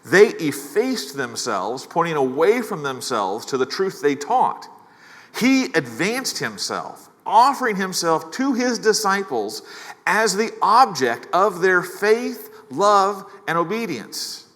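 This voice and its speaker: A man's voice: sits high, very animated, slow, fairly bright tone, big-room sound. A male pastor preaching a sermon in a conversational way, with casual asides and key phrases repeated. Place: church.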